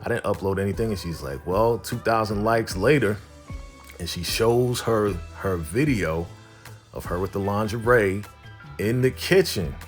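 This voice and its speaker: Man, casual recap host, slangy, acts out dialogue, lowish voice. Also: lively intonation, unhurried, faint music behind. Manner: slangy, retells scenes as quoted back-and-forth.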